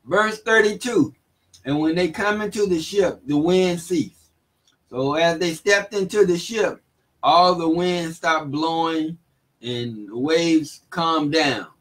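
A man teaching the Bible in a relaxed, casual way, reading verses and retelling them in everyday speech with frequent chuckles. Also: fairly high pitch, takes it slowly, low-quality recording.

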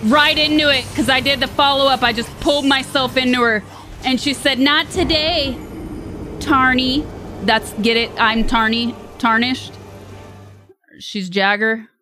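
A woman streaming a video game, commenting as she plays, frustrated and sarcastic, yelling when she gets hit. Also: fairly high pitch, fairly even intonation, normal speed. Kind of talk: live gameplay commentary. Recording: game music behind the voice.

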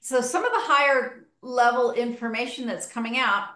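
A woman's voice: a little high, animated, normal speed, fairly bright tone. A woman hosting a podcast conversation, telling stories from her hypnotherapy sessions with enthusiasm. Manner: enthusiastic, storytelling. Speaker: hypnotherapy practitioner and host. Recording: echoey room.

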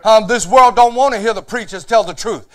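High-voiced preacher, rising to shouts. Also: male voice, brisk. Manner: preaching with rising shouts and call-outs of "Huh?". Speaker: pastor. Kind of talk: sermon. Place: church.

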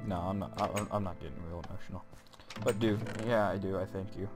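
A young man rambling goofily as he comments on his gameplay, joking at his own expense and talking straight to his viewers, his voice jumping up high when he gets excited. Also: fast, hardly any pauses, music in the background. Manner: goofy, self-mocking, talks to viewers, voice jumps up when excited. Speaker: gaming channel host.

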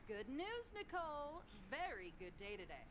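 A woman voicing a self-absorbed divorced mother in a game, chirpy and turning shrill when crossed. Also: big pitch swings, normal speed, background noise. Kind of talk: game voice acting.

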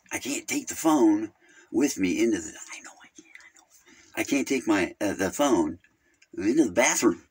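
A man's voice: medium pitch, husky. A man playing a naive, rambling caller named Virgil who keeps drifting off topic on a phone call. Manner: rambling, easily sidetracked, crude. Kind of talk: comedic character phone call.

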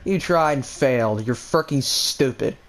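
A young man giving casual, excitable gameplay commentary, trash-talking enemies with mild stand-in swear words. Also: mid-range voice, unhurried, crowd noise. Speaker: gaming channel host.

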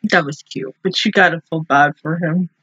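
A woman hosting an anime reaction video, talking in a husky, breathy voice with loose slang and plenty of swearing. Her reactions come out emotional and exclaiming. The sound is dry and a bit dull and lo-fi. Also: low-pitched, steady tone, normal speed, fairly bright tone, dry recording. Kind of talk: casual reaction commentary.

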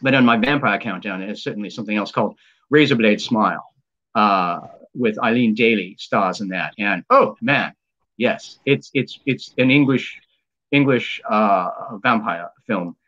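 A man's voice: lowish voice, measured pace, fairly bright tone, highs cut off. A man hosting a live stream, chatting casually and enthusiastically, rambling with many fillers and restarts. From United States.

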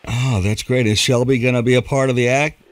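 A man's voice: mid-range voice, fairly even intonation, fairly quick. A man hosting a radio interview show, asking questions in a friendly, fan-like way.

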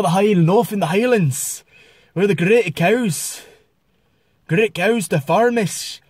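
Man doing a slow, rambling Scottish farmer, dry close sound. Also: on the high side, breathy edge, no room sound, heavily acted. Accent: Scottish put on. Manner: slow, rambling, repeating himself.

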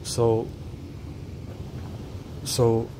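A man giving reaction commentary on a street preaching clip, stumbling and restarting as he explains, then reading Bible verses slowly and deliberately. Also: medium pitch, completely flat delivery, dark tone, slight background noise, low-quality recording.

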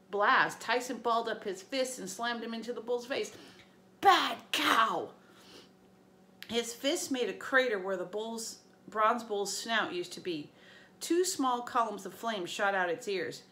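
Female teacher reading a chapter aloud to sixth graders, lively and bright. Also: mid-range voice, a little hiss or hum. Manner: lively storytelling with small slips. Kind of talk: reading a novel aloud to students.

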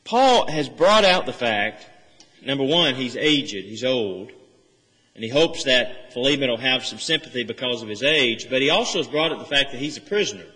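A man preaches earnestly in a church sanctuary, his medium-pitched voice animated and sharp at normal speed. He works through a scripture passage verse by verse, driving home key phrases, and the room has a long reverb.

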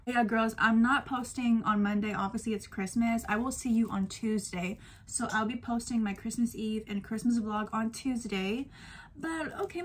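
A woman's voice: fairly high pitch, slight background noise. Chatty young woman vlogger. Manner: chatty and playful, calls viewers girl. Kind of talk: casual vlog chat.

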